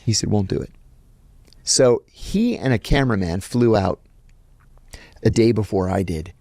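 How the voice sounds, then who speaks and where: A man's voice: lowish voice, a little slow, vocal fry, dry recording, clean studio sound. A middle-aged man telling a long anecdote in an interview, acting out the lines he quotes. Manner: animated anecdote teller, acts out quoted lines. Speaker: guest, former intelligence officer. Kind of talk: storytelling in an interview.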